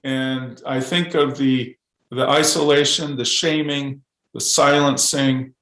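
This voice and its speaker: A man speaking as a podcast guest, telling his story in an earnest, halting way with frequent restarts. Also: medium pitch, steady tone, fairly bright tone, echoey room, poor audio. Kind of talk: podcast interview testimony.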